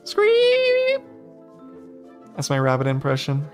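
A man with a high voice streams a video game, chatting casually and playfully. He laughs often and breaks into bursts of exclamation, with faint music underneath. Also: moderate pace. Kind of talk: casual gameplay commentary.

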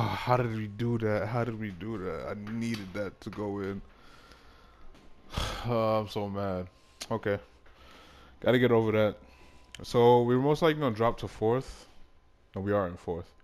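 A young man talks his way through a basketball video game in a loose, casual commentary. His voice sits a little low, drifting between quiet muttering and sudden loud, frustrated outbursts. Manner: swings from mumbled talk to loud frustrated outbursts. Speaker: gaming YouTuber.

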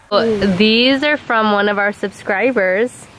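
A young woman chats casually to camera as a vlogger, gushing and exclaiming a lot. She speaks at an ordinary mid pitch. A faint hiss of background noise sits under her voice. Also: slow, fairly bright tone. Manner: gushing, chatty, exclaims often. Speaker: vlogger and mother. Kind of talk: casual vlog chat.

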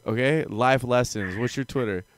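A man's voice: mid-range voice, moderate pace, dry recording. A man hosting a livestream call-in show, talking crudely and insulting callers in a brash, rambling way. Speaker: livestream host taking callers. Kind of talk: crude profane call-in chat. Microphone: headphones on.

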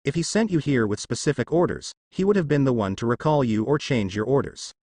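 A man reading a fanfic aloud, voicing a calm, menacing young male demon ninja who talks dryly and pleasantly. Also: mid-range voice, fairly quick, dry recording, natural voice. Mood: cool. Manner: dry, pleasant, quietly threatening.

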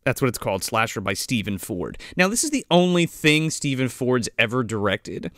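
A man's voice: mid-range voice, very animated, normal speed, fairly bright tone, no room sound, clean studio sound. A man co-hosting a movie podcast in casual banter, laughing often, acting out characters and swearing freely. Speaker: podcast co-host.

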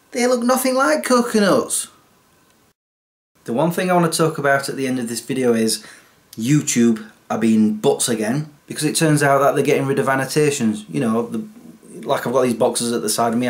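A man's voice: medium pitch, fairly quick. A man, a YouTuber, talking to camera in a casual, rambling vlog chat with many fillers.

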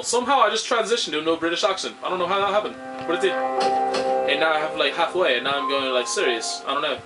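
A man giving casual, excitable gameplay commentary, swearing freely and joking as he plays. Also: a little high, quick pace, rough recording. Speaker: let's play host. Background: loud game music.

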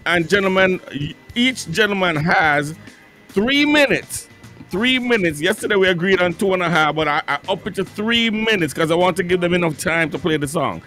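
A man hosting a live radio contest, laying out the rules briskly and repeating himself. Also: high-pitched, pushed and bright, faint music behind. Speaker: radio host and clash referee.

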